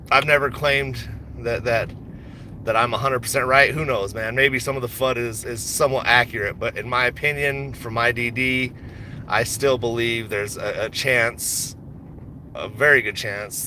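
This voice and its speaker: A man hosting a stock livestream in a loose, rambling way, full of slang and easy laughter. His voice is bright and forceful with a tense edge. His pitch sits in the middle of the male range. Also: moderate pace, slight background noise. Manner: rambling, laid-back, slangy, laughs often. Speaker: stock market livestream host. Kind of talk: casual livestream chat.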